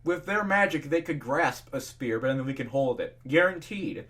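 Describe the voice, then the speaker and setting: A man's voice: fairly high pitch, sing-song, normal speed, hardly any pauses, fairly bright tone. A young man casually reading fan fiction aloud, swearing freely and ranting in between. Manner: profane ranting, laughs at the text.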